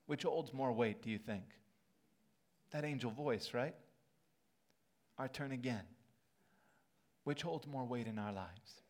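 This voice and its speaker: A man's voice: medium pitch, unhurried, pauses often. A man preaching a sermon as pastor in a church sanctuary, earnest and building to emphatic peaks.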